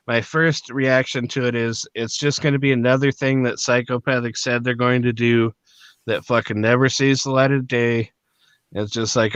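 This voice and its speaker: A man's voice: mid-range voice, a bit bright, smooth, no echo. A man co-hosting a casual podcast chat, rambling and profane with many fillers. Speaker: podcast co-host.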